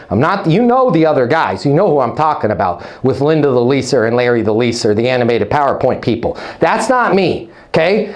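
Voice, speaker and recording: A man giving a live online leasing training, energetic and punchy, checking in with "okay? right?" and hyping up his listeners with playful nicknames. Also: on the high side.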